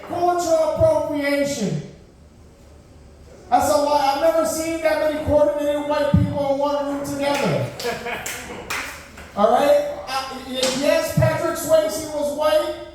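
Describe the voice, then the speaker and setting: A man from Puerto Rico performing a stand-up set at an open mic, loud and full of mock outrage. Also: very high voice, fairly even intonation, slow, long pauses, background noise. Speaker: stand-up comedian. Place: open mic comedy room. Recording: very echoey room, mic far off.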